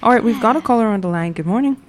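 A woman with a mid-pitched voice hosts a call-in radio talk show. She moves briskly between callers and reads listener comments aloud. There is a faint bed of room noise behind her.

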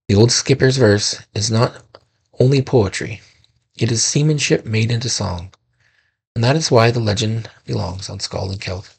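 Male host, solemn folklore narration, gravelly and husky tone. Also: lowish voice. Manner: slow, solemn storytelling with self-corrections. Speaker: podcast host.

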